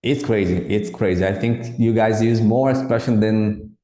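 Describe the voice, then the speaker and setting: Brief: male host, low warm voice, halting questions, roomy sound. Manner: halting, repeats words while forming questions. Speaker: podcast host. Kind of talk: casual interview. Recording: echoey room.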